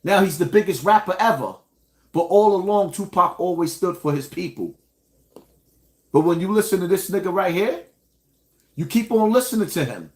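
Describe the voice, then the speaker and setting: A man's voice: high voice, lively intonation, normal speed, pauses often. A man from New York hosting an online show, ranting indignantly at his viewers. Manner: indignant, addresses viewers directly. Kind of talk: commentary rant.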